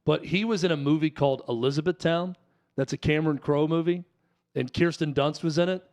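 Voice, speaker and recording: A man's voice: a little high, a little fast, darkish tone. A man co-hosting a talk show, explaining things in a chatty, opinionated way. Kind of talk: casual talk show chat.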